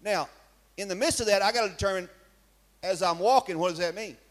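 A man's voice: high-pitched, fairly quick. A man preaching a sermon in a church, emphatic and firing rhetorical questions at his congregation. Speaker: pastor.

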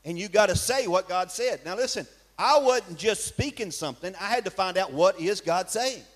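A male preacher, speaking in a voice pitched high for a man. He preaches emphatically in church and keeps asking his congregation questions. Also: animated, moderate pace. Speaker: pastor. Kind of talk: sermon.

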